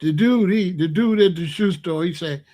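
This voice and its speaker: A man's voice: sits high, moderate pace, dark tone. A middle-aged man hosting his own channel, telling blunt, profane, slang-heavy stories in a casual monologue. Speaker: host.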